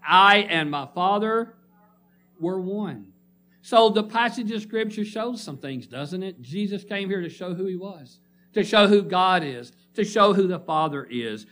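A man's voice: sits high, bright, forceful tone. A man preaching a sermon to a congregation, reading scripture and calling for responses. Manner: emphatic call-and-response preaching. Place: church congregation.

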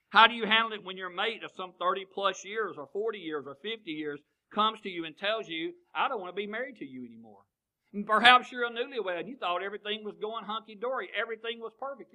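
Pastor, fifties, man, bright ringing voice, a little high, sermon full of questions. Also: rough recording. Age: 50s. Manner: asks the congregation question after question.

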